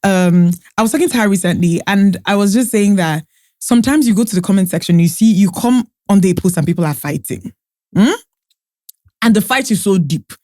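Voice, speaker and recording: A woman co-hosting a podcast, telling stories in an animated, emphatic way. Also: medium pitch, brisk, no room sound. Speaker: podcast co-host. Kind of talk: casual chat.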